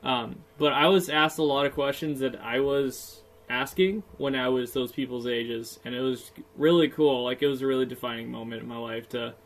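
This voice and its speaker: A man co-hosting a casual podcast chat, talking in an upbeat way with a voice going hoarse. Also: mid-range voice, normal speed, few pauses, low-quality recording. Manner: chatty and upbeat, laughs often, many fillers. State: voice getting hoarse. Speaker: podcast co-host, self-published author.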